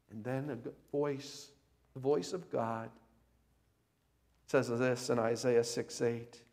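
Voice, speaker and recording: A man preaching a sermon at a camp meeting, telling a story slowly and rising to impassioned, loud cries. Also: mid-range voice. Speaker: pastor.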